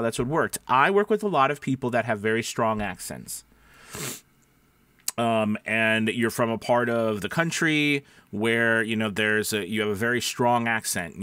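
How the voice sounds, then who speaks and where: A man's voice: medium pitch, a bit bright, dry recording. A man with a somewhat nasal voice giving casual advice to voice actors, asking viewers questions as he talks. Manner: conversational, restarts, asks viewers questions. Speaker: voice-over coach. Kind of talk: casual advice talk to camera.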